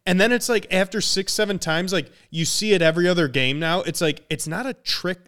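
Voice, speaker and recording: Man, podcast co-host, casual sports talk, smooth tone, opinionated. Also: high voice, brisk, fairly bright tone. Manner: emphatic, opinionated, swears for emphasis.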